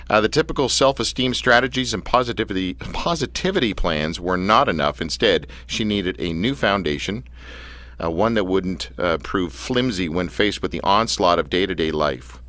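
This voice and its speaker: A man hosting a radio interview, joking and self-deprecating, with halting fillers. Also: lowish voice, expressive, sharp tone, no echo. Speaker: radio show host.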